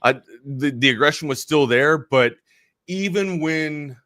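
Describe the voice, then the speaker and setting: A man's voice: on the high side, a bit bright, dry recording, clean studio sound. A man co-hosting a sports talk show, chatting casually and rambling, often correcting himself mid-thought. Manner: rambling, self-correcting, quick asides.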